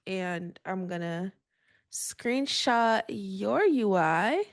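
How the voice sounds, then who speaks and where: Woman, casual tech demo chat, relaxed, thinks aloud, dry close sound. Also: mid-range voice, drawn-out words, no echo. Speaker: developer demoing a coding assistant.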